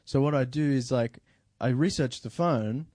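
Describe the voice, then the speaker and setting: A man's voice: medium pitch, moderate pace, dark tone, dry recording, clean studio sound. A young man guesting on a casual podcast, chatty and telling stories with a laugh. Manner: chatty storyteller, laughs easily. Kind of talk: casual chat.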